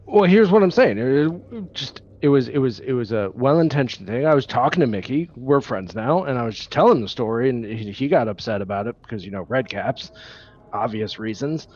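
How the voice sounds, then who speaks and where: A man playing a tabletop game character, talking his way out of trouble with smooth excuses. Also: mid-range voice, animated, fairly quick, darkish tone. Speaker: player. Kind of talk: in-character role-play. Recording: dull lo-fi audio.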